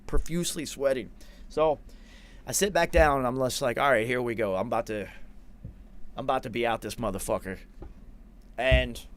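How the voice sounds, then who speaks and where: A man in his forties, a podcast host, telling a long rambling story with lots of swearing and quoted asides. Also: medium pitch. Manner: rambling, profane, animated anecdote with self-quoting. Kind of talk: casual storytelling.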